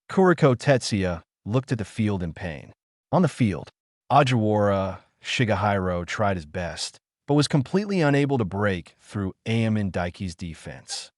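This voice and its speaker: A man reading a translated web novel aloud as an audiobook narrator, keeping one voice through narration and dialogue with uneven pauses. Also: lowish voice, big pitch swings, darkish tone, no room sound, clean studio sound.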